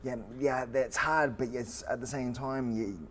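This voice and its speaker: A man in his forties from Australia, a fighter telling stories as a guest, lively with lots of fillers and restarts. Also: mid-range voice, measured pace, slight background noise. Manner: animated storyteller with frequent fillers and restarts. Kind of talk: storytelling in an interview.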